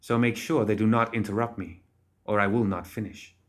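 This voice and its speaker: A cold, composed necromancer woman, read by a man in an audiobook. She speaks quietly, in short, clipped lines. The voice sits fairly low. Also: fairly even intonation, brisk, lightly acted. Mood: curt.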